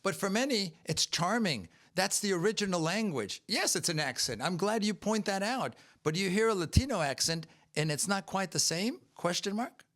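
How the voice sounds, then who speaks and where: High-voiced man pressing questions. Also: expressive, normal speed, hardly any pauses, fairly bright tone. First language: Spanish. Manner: probing, pushy questioning. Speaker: podcast host. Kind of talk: casual panel chat.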